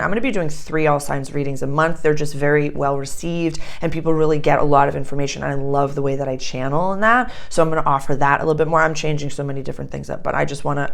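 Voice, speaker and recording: A woman's voice: low voice, vocal fry. A woman with a Boston accent talking in a chatty, rambling way, as an astrologer in a casual vlog. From Boston area, United States. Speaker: astrologer and channeler.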